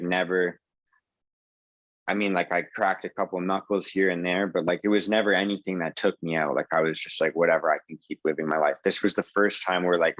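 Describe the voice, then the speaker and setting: Low-voiced young man, profane rambling story. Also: fairly bright tone, no echo, dull audio. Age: 20s. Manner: rambling, profane, lots of "like" and "dude". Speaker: support group host. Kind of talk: casual storytelling on a video call. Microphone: video call.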